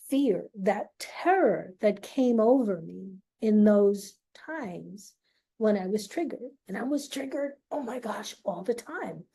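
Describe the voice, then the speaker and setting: A woman telling an emotional personal story, speaking haltingly with long pauses and emphasis. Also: on the high side, dark tone.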